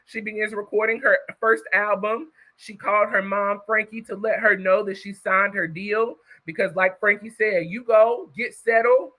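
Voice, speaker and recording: A woman hosting a live stream, telling a long story to her viewers in an easygoing, conversational way. Her voice hasn't warmed up yet, and she keeps tagging her lines with "you know" and "okay?" and breaks off now and then to greet people in the chat. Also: mid-range voice, fairly even intonation, moderate pace, few pauses, rough recording. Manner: greets viewers by name while talking. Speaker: livestream host. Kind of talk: casual livestream storytelling.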